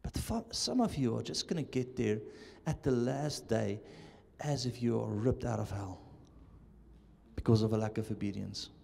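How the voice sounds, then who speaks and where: Man, pastor, live sermon, loud to hushed swings, echoing church hall. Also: lowish voice, lively intonation, moderate pace, creaky, husky. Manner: switches between English and Afrikaans, dramatic shifts from shouting to hushed.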